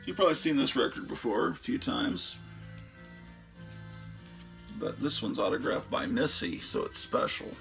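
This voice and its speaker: A man's voice: mid-range voice, very animated, normal speed, vocal fry, pauses often, fairly bright tone, faint music behind. A man hosting a show, chatting casually and enthusiastically about his record collection in a rambling way, often trailing off into fillers.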